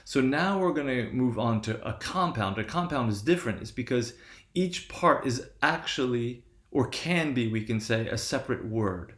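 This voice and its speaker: A man's voice: medium pitch, lively intonation, normal speed, fairly bright tone, echoey room. A man giving a lecture, explaining step by step and often checking in with "right?". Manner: frequent "right?" checks, restarts. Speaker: linguistics lecturer.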